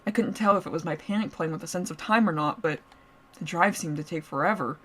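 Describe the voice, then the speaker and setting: A woman's voice: lowish voice, quick pace, a bit bright, husky. A woman streamer reading a story aloud, laughing and breaking off to joke with her viewers. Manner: playful, giggly, breaks off to joke with chat. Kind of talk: story reading with live reactions.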